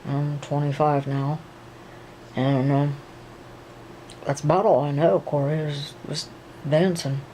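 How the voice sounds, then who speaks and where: Woman doing a soft-spoken young male dancer. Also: low-pitched, flat delivery, slight background noise, poor audio. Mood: gentle. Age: young adult. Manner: slow, soothing, hesitant with many ums. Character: young adult male dancer, gentle and reassuring.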